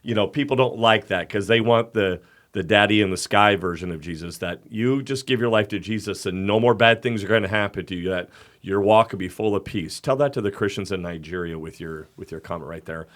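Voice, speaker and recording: A man with a fairly low voice co-hosts a faith podcast in casual chat. He talks with emphatic, rallying conviction and a loose conversational flow. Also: fairly quick, fairly bright tone. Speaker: podcast co-host.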